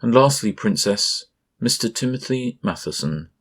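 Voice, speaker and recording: A man voicing a stern, composed father who makes formal, measured introductions in a storybook reading. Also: medium pitch, expressive, a bit bright, breathy edge, pitched above the performer's own voice.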